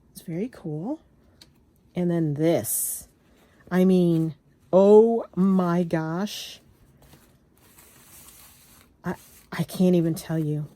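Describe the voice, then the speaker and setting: A woman vlogger showing off craft papers and fabrics in a gushing, excitable, casual chat, often trailing off and restarting. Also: on the low side, dry recording. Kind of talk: casual show-and-tell chat.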